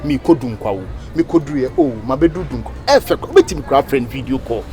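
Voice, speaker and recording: An actor playing a friend who scolds and lectures insistently, with a Ghanaian accent. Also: male voice, mid-range voice, animated, fast, a little mellow, soft background music, natural voice. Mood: scolding. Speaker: friend giving advice. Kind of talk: Ghanaian comedy film acting.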